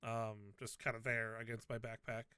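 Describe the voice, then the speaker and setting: Man, player, bright, crisp voice, dry sound, step-by-step actions. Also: medium pitch, flat delivery, normal speed, no room sound. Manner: describes his character's actions step by step. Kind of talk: casual tabletop role-play.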